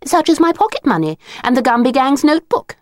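A woman's voice: high-pitched, sing-song, fairly quick, no echo, clean studio sound, pitched above the performer's own voice. Prim, sensible girl with a raised, careful voice, as a woman puts her on. Storybook reading.

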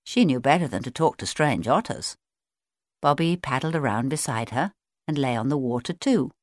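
A woman reading a children's animal story aloud in a gentle storybook manner. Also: extremely low pitch, lively intonation, normal speed, no room sound, studio quality.

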